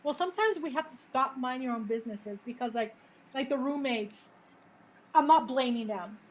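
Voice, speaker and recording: High-voiced rambling woman co-host. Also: normal speed, a little hiss or hum, rough recording. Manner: rambling with many fillers and restarts. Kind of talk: casual call-in chat.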